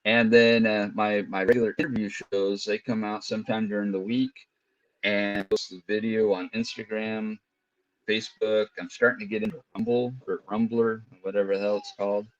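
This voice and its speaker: Man with low voice on dull call audio. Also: flat delivery, moderate pace, no echo. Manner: laid-back, chatty storyteller. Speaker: podcast guest. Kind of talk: casual interview chat. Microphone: internet call.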